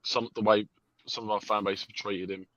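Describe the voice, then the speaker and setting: A man's voice: fairly low pitch, level tone, moderate pace, a bit bright, no echo, muffled recording. A man on a chat panel, talking frankly and heatedly and swearing freely. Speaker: panel guest. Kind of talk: casual chat.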